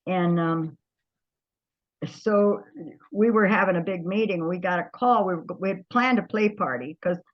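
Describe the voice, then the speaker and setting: An older woman, an interview guest, telling stories from her past in a lively way, often trailing off and starting over. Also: fairly low pitch, a little slow, dull audio. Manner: lively storyteller, trails off and restarts. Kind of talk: storytelling reminiscence.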